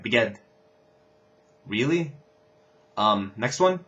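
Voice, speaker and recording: A young man giving a casual language lesson, explaining phrases and repeating examples with lively stress. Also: fairly low pitch, normal speed, long pauses, highs cut off. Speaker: language teacher.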